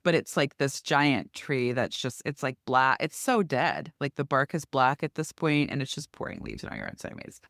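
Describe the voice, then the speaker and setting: Middle-aged woman on a podcast, super expressive voice swinging up and down, dry close sound. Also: rumbling low, normal speed, hardly any pauses, no room sound. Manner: lively storytelling, acts out quoted neighbors. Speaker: podcast co-host. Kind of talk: casual chat.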